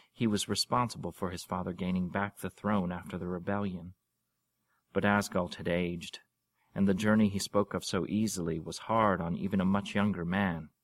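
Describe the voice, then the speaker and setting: A man reading a fantasy story aloud in a measured, expressive way. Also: deep voice. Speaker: narrator.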